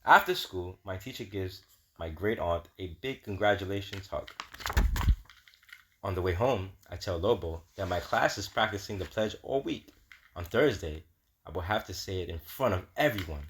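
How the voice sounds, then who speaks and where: A man reading a children's picture book aloud, slow, steady and gentle. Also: low voice, a little hiss or hum. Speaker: storybook reader.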